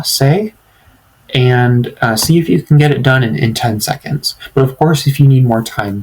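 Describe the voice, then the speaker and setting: A man's voice: medium pitch, a little mellow, low-quality recording. A man teaching beginners in a language tutorial, speaking patiently and repeating each phrase for learners to follow. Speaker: French teacher.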